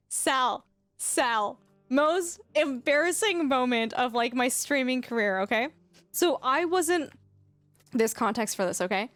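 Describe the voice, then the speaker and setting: A young woman chatting casually on a live stream, telling an embarrassing story with lots of laughter and sudden high squeals. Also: no echo. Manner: animated storytelling, frequent laughter, rising squeals. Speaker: livestreamer.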